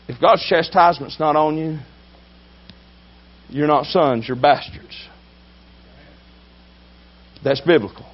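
A man preaching a sermon with emphasis, swinging between loud drawn-out shouts and low asides. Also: highs cut off.

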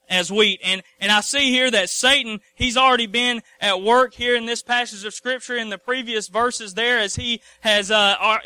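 A man's voice: high voice, pushed and bright, clear, resonant tone, no room sound. A man preaching a folksy sermon, repeating his phrases and calling for amens.

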